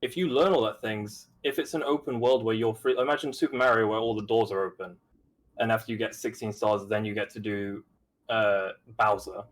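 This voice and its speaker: A young British man in his twenties, a game design student, making an earnest, rambling pitch full of fillers. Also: a little fast, poor audio. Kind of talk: mock investor pitch on a stream.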